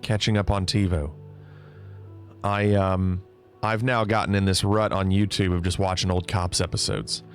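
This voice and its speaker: A man's voice: deep voice, level tone, moderate pace, soft background music. A man casually chatting on a livestream, reading out viewer comments, teasing and laughing often. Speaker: streamer.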